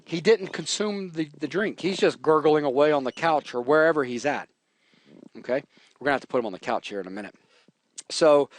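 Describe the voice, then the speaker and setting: A man teaching programming in a relaxed, jokey way while he types, walking through code on a live stream. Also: fairly high pitch, no echo. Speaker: programming instructor. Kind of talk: live coding tutorial.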